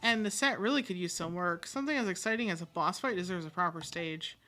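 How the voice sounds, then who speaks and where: Speaking fast with a fairly low, pushed, bright voice, a woman streamer voices all the game's dialogue herself. Each character gets its own voice and accent, and pirate flourishes pop up now and then.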